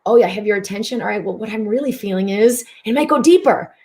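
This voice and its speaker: A woman's voice: mid-range voice, fast talker, darkish tone. A woman hosting a mind-body self-help broadcast. She talks expressively, repeats words for emphasis and slips into voicing inner thoughts. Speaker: host and physician.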